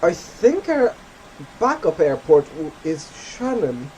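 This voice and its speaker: Lively man thinking aloud while gaming. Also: a little high, slow pace, slight background noise, low-quality recording. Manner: thinks aloud, self-correcting and chatty. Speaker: flight simulator gamer. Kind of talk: casual gameplay commentary.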